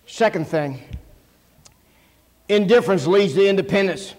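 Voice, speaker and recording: A middle-aged male pastor preaching a sermon, telling folksy stories and acting out quotes in sudden loud shouts. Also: high voice, measured pace. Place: church sanctuary. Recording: long hall reverb.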